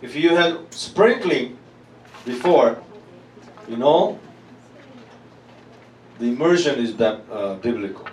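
A male pastor preaching a sermon, drawing call-and-response from the congregation and building to loud declarations. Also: mid-range voice, expressive, slow, long pauses, slight background noise. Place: church hall. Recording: echoey hall, miked from a distance, congregation audible.

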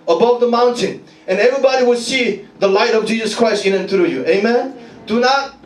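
A man preaching with a strikingly high voice, excited and laughing as he repeats his phrases. He leads the congregation in call-and-response. The sound is roomy and distant, as if picked up from across a large hall.

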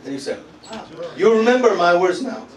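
A man, preaching a sermon as pastor, talking back and forth with the congregation and breaking into shouts and laughter. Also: sits high, animated, normal speed. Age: 40s. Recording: echoey hall from far off with crowd.

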